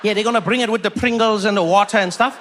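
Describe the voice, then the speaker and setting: A man's voice: high voice, quick pace, fairly bright tone, slight background noise. A man voicing a friendly male airline seatmate who jokes with a perfectly straight face. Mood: reassuring. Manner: casual, reassuring, dead serious.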